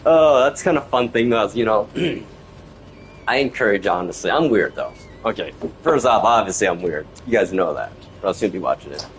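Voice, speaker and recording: A man with a lowish voice talks through his gameplay in a loose, rambling stream-chat manner. He grumbles about little design quirks and chats to viewers as he goes. Soft game music runs quietly underneath. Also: animated, moderate pace, rough recording. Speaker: gaming streamer. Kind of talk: casual gameplay commentary.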